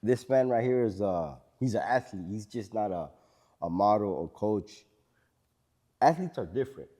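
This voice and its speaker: A man's voice: lowish voice, lively intonation, normal speed, mellow, in a large hall. A man hosting a podcast in a casual, enthusiastic way, full of slang. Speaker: podcast host.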